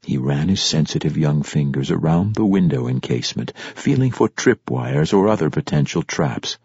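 A man narrating a fantasy audiobook in a measured, expressive storytelling manner. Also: rumbling low, creaky, slightly rough, dry recording. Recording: dull lo-fi dry recording.

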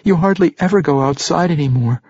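An actor reading an audiobook, voicing a gentle young halfling who pleads with his father. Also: fairly high pitch, brisk, slightly rough, no echo, muffled recording, pitched above the performer's own voice. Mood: pleading. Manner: pleading, forced cheerfulness.

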